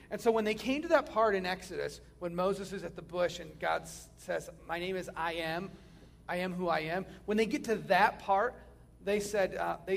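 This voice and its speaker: A man preaching a sermon, swinging from loud emphatic lines down to hushed near-whispers. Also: high voice, creaky.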